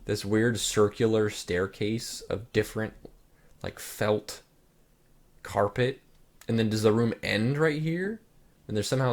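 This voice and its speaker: A young man hosting his channel, reacting to pictures in a loose, rambling casual chat full of "like" fillers. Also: lowish voice. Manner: relaxed, rambling, lots of "like" fillers. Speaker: channel host.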